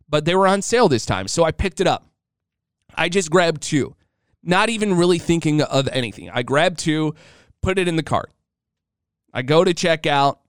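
Smooth-voiced chatty man in his thirties. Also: on the high side, fairly quick, no echo, clean studio sound. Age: 30s. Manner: animated, chatty, jokey. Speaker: podcast host. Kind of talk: casual solo storytelling.

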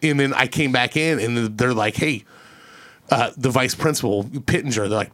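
A man's voice: mid-range voice, normal speed. A man hosting a studio podcast, telling a story casually, swearing freely and acting out the voices of the people in it. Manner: animated, profane, acts out quoted voices. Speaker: podcast host.

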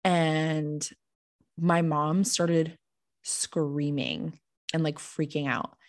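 A woman's voice: deep voice, extremely slow, dry recording, clean studio sound. A young woman on a video call telling a story casually, chatty and full of "like", laughing when things get awkward.

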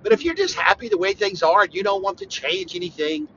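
A man preaching on a podcast in an informal, conversational way, emphatic and repetitive, with sudden bursts of loud emphasis. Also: sits high, very animated, fast, muffled recording, slight background noise. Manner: conversational, talks straight to the listener. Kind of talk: informal devotional podcast talk.

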